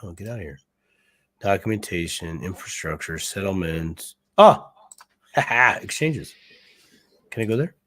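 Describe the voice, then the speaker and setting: A man's voice: sits low, expressive, a little slow, pauses often, a bit bright. A man co-hosting a casual livestream chat, rambling and joking as he thinks aloud while browsing a website. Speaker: co-host.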